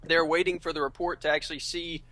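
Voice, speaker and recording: A man with a bright, slightly high voice talks casually as a podcast guest, pausing and restarting while he eats. The sound is dry and close, as if over a voice call mic. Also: flat delivery, dry recording. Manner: hesitant, eating while talking. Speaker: guest, gaming commentator.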